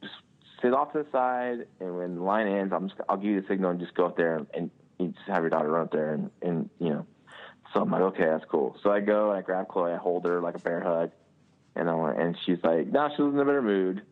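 A man in his thirties hosting a podcast, telling a lively family anecdote. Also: sits low, fairly quick. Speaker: podcast host. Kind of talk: casual chat. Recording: tinny phone-line sound.

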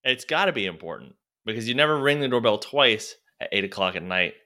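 Lively, bright-voiced man telling a story. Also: medium pitch, fairly quick. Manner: animated, profane anecdote-telling with acted-out quotes. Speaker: podcast co-host. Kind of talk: casual chat, storytelling.

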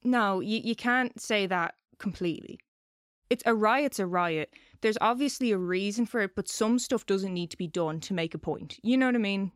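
A woman's voice: medium pitch, moderate pace, no echo, studio quality. A woman co-hosting a podcast, telling a story in a loose, chatty way and swearing casually. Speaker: podcast co-host.

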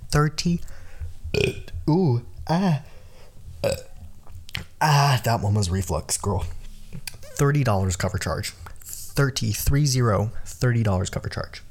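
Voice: mid-range voice, creaky. A young adult podcast host telling a story in a casual, rambling way, with lots of fillers, who acts out the voices of people being quoted.

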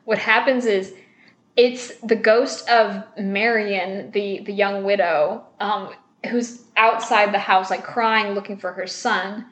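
A woman's voice: medium pitch, slow pace, reverberant. A young woman in casual conversation, retelling a film scene by scene, acting out the characters' lines, swearing and laughing. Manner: animated, acts out quotes, swears, laughs. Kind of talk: casual movie discussion chat.

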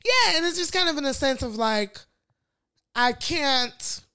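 Rambling young American woman, high voice. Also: lively intonation, a little slow, bright, forceful tone. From United States. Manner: rambling, many fillers and restarts. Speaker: podcast co-host. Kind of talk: casual chat.

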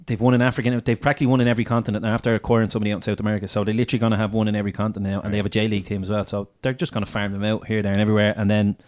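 Man, rapid talker, lowish voice, opinionated football chat. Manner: animated, opinionated. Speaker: podcast co-host. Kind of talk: casual sports chat.

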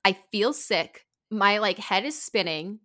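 A woman hosting a podcast, telling a story in casual chat, animated, swearing and saying "like" a lot. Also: medium pitch, a little slow. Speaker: podcast host.

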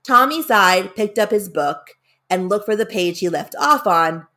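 A woman's voice: medium pitch, lively intonation, unhurried, pushed and bright. A woman narrating a spooky story in a casual, conversational way, shifting tenses and leaning into the dramatic moments.

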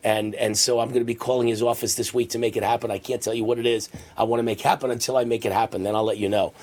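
A middle-aged man hosting a radio and TV talk show, boastfully telling stories and acting out shouts in a husky voice. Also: fairly even intonation, fast talker. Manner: boastful storytelling, acts out shouting with rising pitch. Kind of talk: conservative talk radio monologue.

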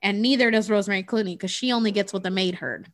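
A woman's voice: mid-range voice, fast talker. A woman in casual chat, retelling a film's plot in a chatty way, full of "like" and the odd swear word.

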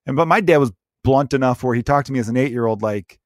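Casual dude rambling and swearing on a podcast, dry close mic. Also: male voice, mid-range voice, quick pace, no echo. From Chicago's South Side, USA. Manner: rambling, profane, acts out quotes in voices. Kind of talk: casual comedic chat.

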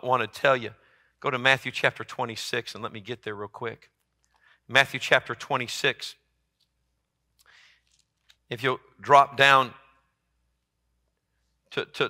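A man preaching a sermon as pastor, swinging from loud emphatic peaks down to low, quiet lines. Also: moderate pace, long pauses. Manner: impassioned, rising to loud emphatic peaks then dropping low.

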